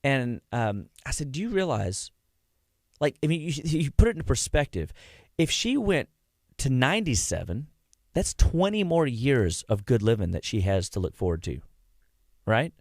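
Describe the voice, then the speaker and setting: Animated man telling health stories on radio. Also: medium pitch, normal speed, no room sound, clean studio sound. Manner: animated storyteller, acts out quotes. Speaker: chiropractic health guest on radio. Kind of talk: casual radio health talk.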